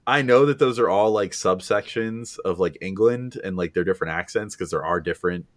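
Male podcast co-host reading listener questions, casual and laid-back, pitched low. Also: fairly quick. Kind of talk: casual chat.

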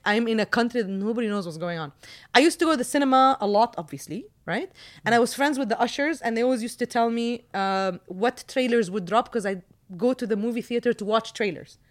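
A woman in her thirties from Jordan, chatting casually and telling animated stories with quick asides. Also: mid-range voice. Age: 30s. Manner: animated storyteller, quick asides, laughs often. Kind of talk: casual chat.

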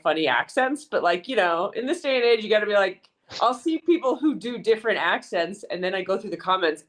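A woman in her thirties, a sports reporter and podcast guest, chatting in a bubbly, self-deprecating way. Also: mid-range voice. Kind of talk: casual chat.

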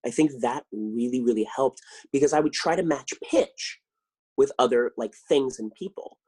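A man talking as a podcast guest, telling animated stories and acting out the lines he quotes. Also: mid-range voice, normal speed, slightly rough. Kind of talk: casual interview chat.

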